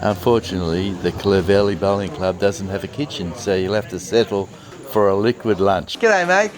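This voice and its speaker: This Australian travel vlogger speaks low and fairly evenly at a moderate pace while narrating a coastal walk, chatty and wry with friendly asides. Music plays in the background of a noisy outdoor street recording with traffic and ambient sound.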